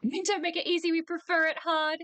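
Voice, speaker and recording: A woman's voice: very high voice, little pitch movement, fairly quick, a bit bright, dry recording. A woman hosting a casual livestream reaction chat, crude and teasing, laughing often as she talks over a video. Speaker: streamer host.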